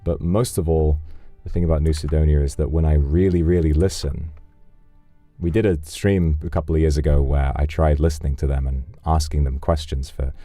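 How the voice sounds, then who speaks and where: Very deep-voiced man, teasing. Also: brisk, no echo, soft background music. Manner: flirtatious and teasing; relaxed, rambling, with fillers. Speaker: streamer. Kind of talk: casual chat reading out donations.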